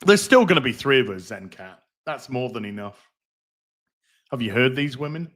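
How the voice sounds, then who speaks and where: A man's voice: medium pitch, big pitch swings, moderate pace, a bit bright. A middle-aged man hosting a casual livestream, rambling, reading out donations and swearing freely. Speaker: livestream host.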